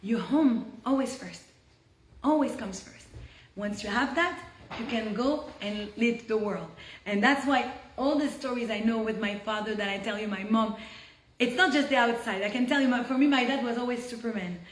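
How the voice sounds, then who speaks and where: A fairly high-pitched woman gives a Torah lesson over a video call and tells the story in an animated way. She turns hushed at the tense moments, and her voice carries a roomy echo. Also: normal speed. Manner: animated storyteller, drops to hushed tones for tension. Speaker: Torah teacher.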